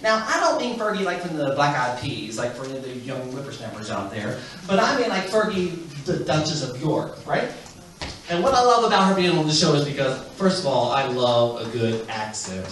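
Guy doing standup, high lively voice, chuckles a lot, far off echoey club with noise. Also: normal speed. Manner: animated, chuckling storyteller. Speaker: stand-up comedian. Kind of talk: stand-up comedy set. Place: comedy club stage.

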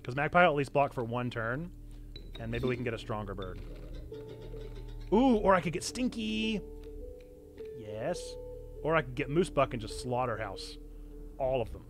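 A pastor giving excitable live-streamed gameplay commentary, now and then bursting into loud cheers. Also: male voice, mid-range voice, moderate pace, long pauses, over music. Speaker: pastor streaming a video game.

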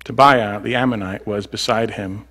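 A male pastor giving a sermon, reading scripture slowly and drifting into rambling asides with fillers. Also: lowish voice, fairly even intonation, fairly bright tone. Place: church sanctuary. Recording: long church reverb.

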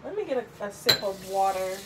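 A woman's voice: medium pitch, lively intonation, a little fast, very noisy. A young woman talking through a casual home cooking tutorial, chatty and rambling, thinking aloud with lots of fillers. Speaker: home cook vlogger. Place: home kitchen.

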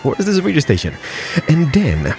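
A man's voice: fairly high pitch, wildly swooping pitch, moderate pace, darkish tone, faint music behind. A man hosting a game channel who rambles playfully through casual gameplay commentary and drops mock Spanish words. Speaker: gaming channel host.

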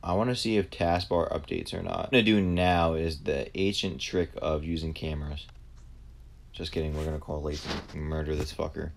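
A man's voice: rumbling low, fairly even intonation, fairly quick, gravelly, a little hiss or hum. A young man giving casual, profanity-heavy commentary while playing a game, often erupting in frustration. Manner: swears a lot, flares into shouted frustration. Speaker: gaming video host.

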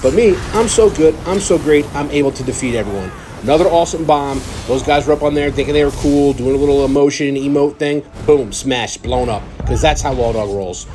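A man's voice: medium pitch, brisk, few pauses, background noise. A young man boasting and trash-talking over gameplay as a gaming channel host, in a mock-arrogant way. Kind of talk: gameplay commentary.

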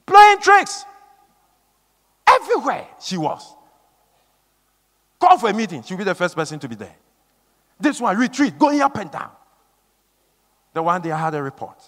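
Man, preacher, very high pitch, emphatic, repetitive, hushed to shouting, long hall reverb. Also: very animated, normal speed, pauses often. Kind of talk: sermon.

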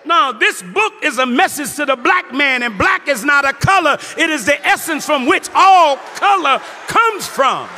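High-pitched preaching man, echoing hall. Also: expressive, unhurried, few pauses. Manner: preaching, rising to shouts, call-and-response asides. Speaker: minister. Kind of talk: sermon testimony. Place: large hall before an audience. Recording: live hall with reverb, crowd behind.

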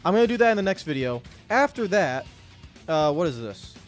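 A young man commenting on his own racing game play, muttering to himself and yelling when things go wrong. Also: fairly high pitch, a little fast, soft background music. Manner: excitable, yells when wrecked, mutters to himself. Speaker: gaming YouTuber.

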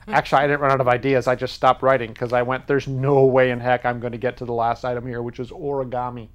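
A man riffs through a loose, self-mocking monologue as host of a small studio talk show. He keeps slipping into quick voices to replay arguments, all at a middling pitch. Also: flat delivery. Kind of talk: casual comedic monologue.

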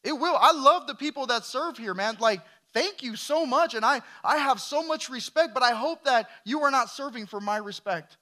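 A man's voice: very high voice, expressive, moderate pace, few pauses, sharp tone. A man preaching a sermon as a pastor, emphatic and firing questions at his congregation.

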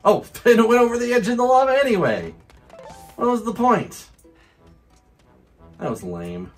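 A man hosting a let's-play video, commenting on his game to himself with frequent whoops, laughs and excited exclamations. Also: very high-pitched, unhurried, faint music behind. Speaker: gaming channel host.

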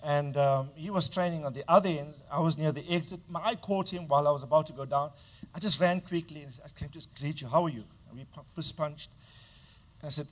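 A man's voice: fairly high pitch, moderate pace, a bit bright. A male pastor preaching a sermon with emphatic delivery, often stopping to prompt the congregation to answer back. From South Africa.

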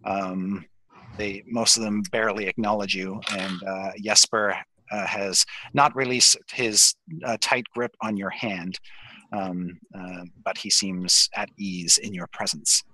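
A man narrating a tabletop game as dungeon master, halting with many fillers. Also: deep voice, fairly even intonation, pushed and bright, rough recording.

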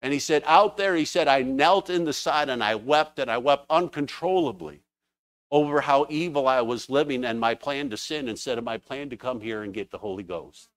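A man preaching a sermon in a church, telling stories with fervent, animated exclamations. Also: mid-range voice, normal speed, no echo.

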